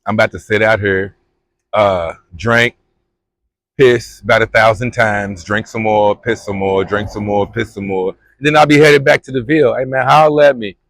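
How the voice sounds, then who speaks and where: A man's voice: on the low side, fairly even intonation, moderate pace, a bit bright, dry recording. A young man from Kentucky, vlogging outdoors at a spring on a phone camera, talking in a loose, slangy, rambling way. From Louisville, Kentucky. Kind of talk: casual vlog chat.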